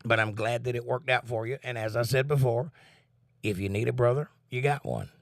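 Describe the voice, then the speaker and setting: A man of middle pitch talks loosely and earnestly to his viewers, reading their comments aloud and sharing thoughts on faith. He sits close to the mic in a dry room at home. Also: brisk, gravelly, no echo. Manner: relaxed, earnest, talks about faith and reads chat comments. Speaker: livestream host. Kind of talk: casual chat with viewers.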